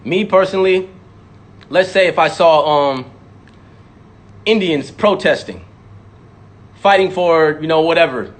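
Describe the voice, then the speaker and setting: Slightly high and a bit slow, with frequent pauses, a man rants with profanity as a rapper making his case. He keeps repeating lines for emphasis and mimics imagined critics in sudden voices to mock them.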